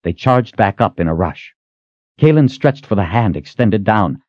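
A man narrating an audiobook with expressive storytelling. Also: on the low side, moderate pace, no room sound. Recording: dull, dry lo-fi recording.

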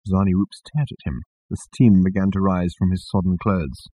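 Man, audiobook narration, husky, dry close recording, measured. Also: low voice, no room sound. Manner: calm, measured storytelling. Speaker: audiobook reader. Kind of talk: scripted narration.

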